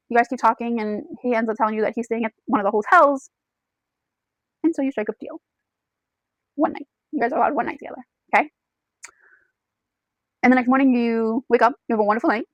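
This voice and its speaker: A woman's voice: a little high, no room sound, dull audio. A woman retelling a novel's plot to the camera in a casual, chatty way, talking to the listener as "you" and saying "like" often. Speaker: book reviewer.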